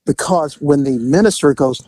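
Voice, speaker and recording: A man's voice: moderate pace, no room sound, rough recording. A man co-hosting a podcast, telling a family story in casual chat and acting out the people in it. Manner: animated storyteller, acts out quotes in high voices. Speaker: podcast co-host.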